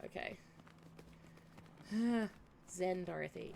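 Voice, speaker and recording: A woman's voice: fairly high pitch, sing-song, measured pace, fairly bright tone, a little hiss or hum. A woman streamer commenting on a horse-riding game, who swears, groans and laughs at herself. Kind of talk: casual gameplay commentary.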